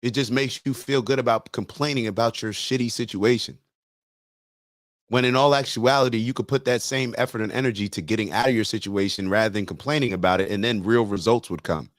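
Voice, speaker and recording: A man hosting a morning podcast, talking bluntly and casually with slang, now and then joking in a high singing voice. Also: fairly quick, no echo, clean studio sound. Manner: blunt, slangy, animated, breaks into falsetto singing jokes. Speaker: morning show host. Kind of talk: casual motivational podcast talk.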